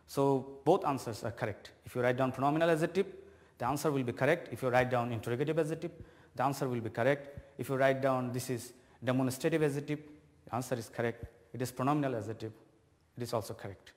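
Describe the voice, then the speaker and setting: A man with a Bangladeshi accent teaching an English grammar lesson on TV, explaining slowly and deliberately to students. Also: medium pitch, long reverb tail. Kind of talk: televised classroom lesson. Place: TV studio classroom.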